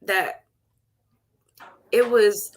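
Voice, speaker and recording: A woman hosting an emotional conversation, slow and heartfelt, laughing and tearing up along the way. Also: medium pitch, steady tone. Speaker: host.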